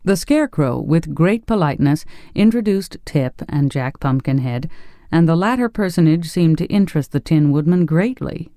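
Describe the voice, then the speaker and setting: An audiobook narrator reading a fantasy tale in a measured storytelling way. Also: medium pitch, dark tone, no echo, studio quality. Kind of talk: scripted narration.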